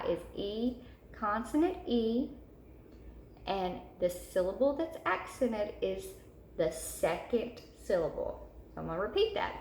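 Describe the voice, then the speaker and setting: A woman teacher giving a slow, repetitive recorded video lesson to third graders. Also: mid-range voice, echoey room, a little hiss or hum.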